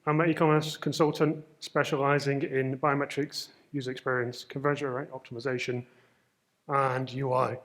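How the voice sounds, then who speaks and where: A man's voice: mid-range voice, flat delivery, moderate pace, a bit bright. A man with a Manchester accent giving a casual conference presentation on stage, with frequent ums and a self-deprecating humor. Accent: Mancunian English. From Manchester, northern England. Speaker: conference speaker.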